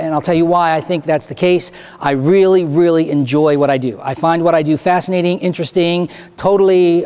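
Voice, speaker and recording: A man speaking as a stage hypnotist, answering student questions and giving slow, deliberate hypnotic suggestions in a school auditorium. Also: fairly high pitch, a little mellow, clean tone. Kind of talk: Q&A talk and hypnotic induction to students.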